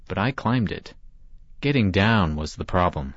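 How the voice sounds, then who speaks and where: A man reading a story aloud in scripted narration, with a measured, reflective delivery. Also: low voice, very animated, no echo. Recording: dull lo-fi dry recording.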